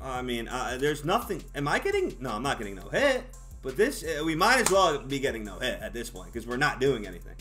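Hyped gamer guy, bright voice, swings from groans to yells, soft music under it. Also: medium pitch. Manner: excitable, exasperated, shouts at players. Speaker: gaming YouTuber. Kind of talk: live gameplay commentary.

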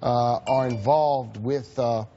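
A man's voice: medium pitch, fairly even intonation, slow, warm tone, slight background noise. A man commentating on a news panel, speaking emphatically with frequent hesitations. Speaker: political commentator. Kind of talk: broadcast panel discussion. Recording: dull lo-fi broadcast audio.

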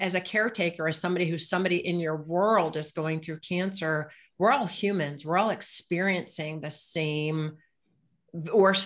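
A woman's voice: deep voice, fairly bright tone. A woman speaking on a panel, telling candid personal stories with frank humor and some swearing.

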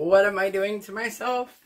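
In a very noisy recording, a woman with a mid-range voice demonstrates fluid art painting. She jokes and makes fun of herself while talking through each step as she works.

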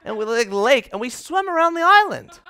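Brief: a man voicing an eager young date, gushing and emphatic, bright and lively. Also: very high voice, normal speed, clear, resonant tone, voice pushed up, full character voice. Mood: excited.

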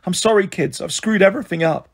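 A man's voice: high-pitched, a little fast, a little mellow, slightly rough. A man voicing a weary, sore mother in a hospital bed who swears and complains in a groggy, blunt way.

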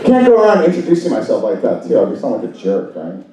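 A man doing a stand-up set on stage, Spanish his first language, lively and quick to slip into put-on voices, with an audience laughing. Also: crowd noise. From Salvadoran and Brazilian family. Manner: animated, jumps into high put-on voices for bits. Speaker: stand-up comedian. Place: comedy club stage. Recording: distant mic in a noisy, echoey club.

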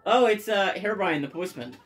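A let's play host giving excitable game commentary with loud bursts of cheering and frequent swearing. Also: medium pitch, a little fast. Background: faint game music.

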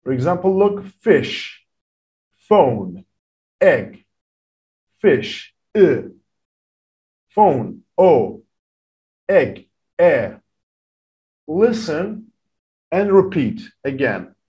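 A man teaches a beginner English class at an unhurried, deliberate pace. His pitch rises and falls a lot as he stresses key words for learners. The delivery is careful and drawn out. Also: big pitch swings, mellow, dull audio.

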